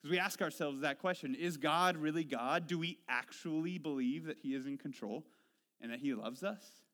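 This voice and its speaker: Speaking at a moderate pace, a pastor from Washington State with a somewhat high male voice addresses his congregation. He relates his own experiences with a conversational, self-deprecating humor. He goes soft and low when reflecting, then gets animated describing his frustrations.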